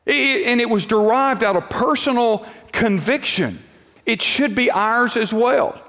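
A man's voice: extremely high pitch, lively intonation, unhurried, fairly bright tone. A male pastor preaching a sermon, emphatic and repetitive, often restarting his sentences. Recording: long hall reverb.

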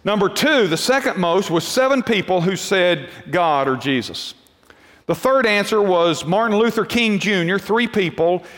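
Man, pastor, high voice, emphatic repeated phrases, church hall reverb. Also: lively intonation, normal speed, fairly bright tone. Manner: emphatic, repetitive preaching with frequent restarts. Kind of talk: sermon.

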